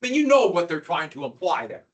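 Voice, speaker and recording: Man, history teacher, slightly high voice, classroom lecture, jokey, teases students with questions. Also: big pitch swings, fast, poor audio. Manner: joking, teasing the class with questions.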